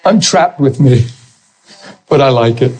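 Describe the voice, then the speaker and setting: A man preaching a sermon as pastor, animated, moving between soft asides and high, straining peaks. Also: measured pace, slight background noise, low-quality recording.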